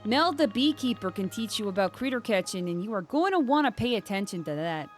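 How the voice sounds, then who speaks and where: A woman's voice: medium pitch, big pitch swings, a little fast, soft background music, lightly acted. A woman voicing an old sea-faring fishing mentor. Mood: instructive. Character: old seafaring fishing mentor, grandly encouraging. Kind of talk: reading game dialogue aloud.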